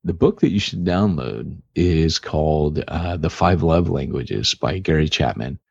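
A man's voice: extremely low pitch, lively intonation, a little slow, gravelly, a little mellow, slightly rough, no room sound. A man co-hosting a podcast in casual, rambling chat with lots of filler words, on dull lo-fi audio. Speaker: podcast co-host.

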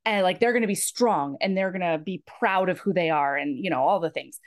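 Lady doing a bossy romance heroine, firm and quick, lower than her own voice, dry sound. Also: no room sound, lightly acted. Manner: firm, lecturing, quick bursts. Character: bold commanding young woman, a romance heroine.

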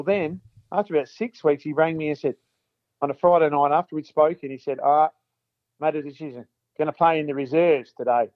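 This former footballer, medium-pitched, chats through long stories for an interviewer, repeating himself and performing quotes from past exchanges. The recording is lo-fi and has no room sound.

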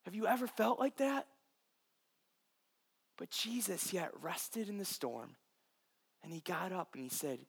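A man's voice: sits high, animated, a little slow, gravelly, long pauses, slightly rough. A man preaching a sermon as pastor, passionate and earnest, addressing listeners directly.

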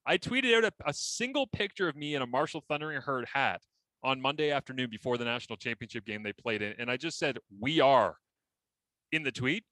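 A man hosts a sports talk show in a bright, forward voice. He tells stories with an easy laugh, recorded dry and close on a studio mic. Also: medium pitch, animated, no room sound, rough recording. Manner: chatty, quick to laugh and tell stories. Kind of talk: casual sports chat.

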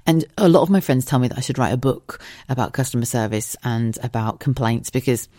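A woman hosting a podcast, telling an anecdote in a chatty, animated way, laughing often and swearing freely. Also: extremely low pitch, a little fast, no echo, clean studio sound. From United Kingdom. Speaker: podcast host. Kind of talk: casual anecdotal storytelling.

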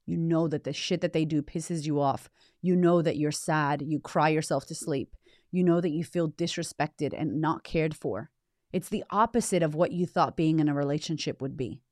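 A woman's voice: sits low, normal speed, darkish tone, no echo, clean studio sound. A woman hosting a motivational podcast as a women's coach, speaking emphatically and directly to the listener with frequent swearing.

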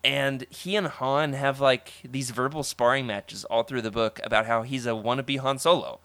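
A man hosting a casual podcast chat, enthusiastic and animated, laughing often as he talks. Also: mid-range voice, moderate pace, no room sound. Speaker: podcast host.

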